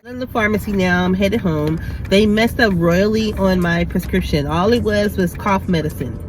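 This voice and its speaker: A woman's voice: mid-range voice, moderate pace, few pauses, crowd noise, low-quality recording. A woman vlogging casually while sick with a cough, short of breath, chatting and rambling from her car and then from home. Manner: rambling, chatty, talking while driving and walking. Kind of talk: casual vlog chat.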